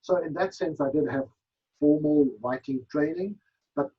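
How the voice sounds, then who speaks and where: Gravelly man, reflective. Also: on the high side, normal speed, faint music behind. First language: Afrikaans. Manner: reflective, searching for words with many restarts. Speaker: author guest. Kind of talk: radio interview answers. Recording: dull lo-fi broadcast audio.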